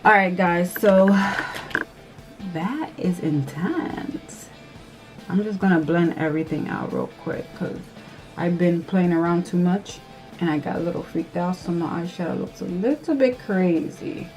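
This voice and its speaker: A woman vlogger chatting casually through a makeup tutorial, nervous and excitable, gasping and squealing often. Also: lowish voice, a little slow, faint music behind. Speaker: beauty vlogger.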